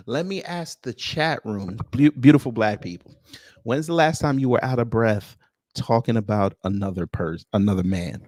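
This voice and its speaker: A man's voice: mid-range voice, moderate pace, a little mellow, dry recording, clean studio sound. A man hosting a live reaction stream, talking casually and mockingly, often breaking into laughter.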